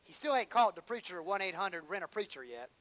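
A man's voice: high voice, very animated, fast talker, a bit bright, rough recording. A man preaching a sermon, acting out whiny prayers and bits of dialogue for humor.

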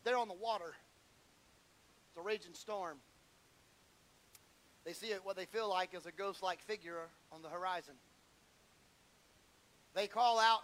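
A male preacher with a very high, bright voice delivers a sermon. He swings from shouted fervor down to low, intimate asides, and he repeats words when worked up. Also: low-quality recording.

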